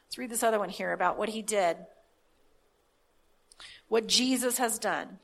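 A woman preaching a sermon, reading scripture aloud and then explaining it in a halting, conversational way. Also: mid-range voice, gravelly. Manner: halting, with many restarts and fillers; reads scripture aloud with emphasis.

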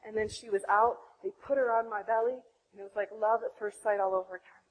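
A woman in her thirties sharing her own birth story to other women, animated, acting out her past self. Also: fast, poor audio. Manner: animated, acts out her own past voice with big pitch jumps. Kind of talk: impassioned personal testimony.

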